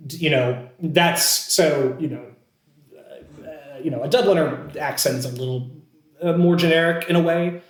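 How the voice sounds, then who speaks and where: Man from scranton, slightly high voice, rambling anecdote, fillers and restarts, echoey room. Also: moderate pace. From Scranton, Pennsylvania, USA. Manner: chatty and self-deprecating, many fillers and restarts. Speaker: podcast guest, actor. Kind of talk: casual storytelling. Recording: roomy, echoey sound.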